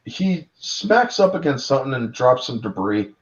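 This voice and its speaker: A man in his thirties recounting a monster movie in casual chat, excitable and profane, acting out characters in voices. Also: medium pitch, normal speed. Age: 30s. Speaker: podcast panelist. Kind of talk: casual film discussion. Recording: dull lo-fi audio.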